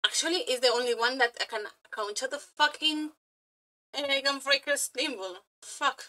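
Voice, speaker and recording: A woman reacting to a video in casual commentary, excitable and quick to swear and laugh, her English phrasing a little non-native. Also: high-pitched.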